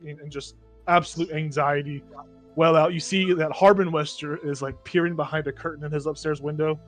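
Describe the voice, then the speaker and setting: A man running a tabletop game as game master, in a casual, rambling style with plenty of fillers. His voice sits fairly high, with soft music underneath. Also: steady tone, brisk.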